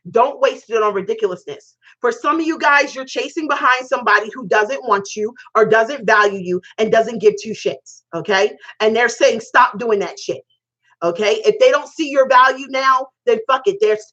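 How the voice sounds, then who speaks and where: A woman's voice: a little high, fairly bright tone. Blunt, profane woman giving tarot advice. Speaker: tarot reader. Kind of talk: casual tarot reading monologue. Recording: dull lo-fi sound.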